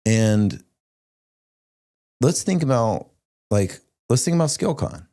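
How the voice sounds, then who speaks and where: Animated, emphatic man hosting a podcast. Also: mid-range voice, slow. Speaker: podcast host. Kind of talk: casual podcast chat.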